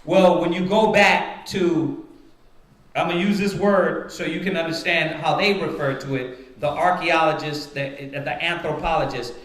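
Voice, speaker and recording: A man's voice: fairly high pitch, steady tone, unhurried, a bit bright. A man leading a Bible study for a congregation, teaching point by point and often checking in with his listeners by asking "right?". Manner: rhetorical, repeatedly checks with "right?". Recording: roomy echoing room.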